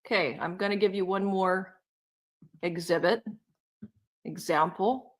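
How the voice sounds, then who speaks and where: A woman co-hosting a livestream, giving lively, emphatic commentary in a conversational tone. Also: fairly low pitch, a little slow. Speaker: livestream co-host. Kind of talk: casual commentary.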